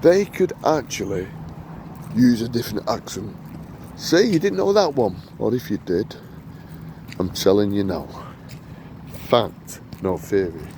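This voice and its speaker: A man's voice: on the low side, sing-song, measured pace, pauses often. A man talking to camera outdoors, rambling and repeating himself for emphasis as he warns viewers. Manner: repetitive, emphatic, digressive. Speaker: vlogger. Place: outdoors on a busy street. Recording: street traffic noise. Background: loud traffic.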